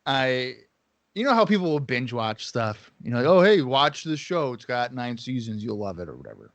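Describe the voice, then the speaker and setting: A man's voice: mid-range voice, big pitch swings, fairly bright tone, no room sound. Podcast co-host, male, casual storyteller with a loose, profane delivery. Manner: swearing, storytelling, quick asides. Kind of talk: casual chat.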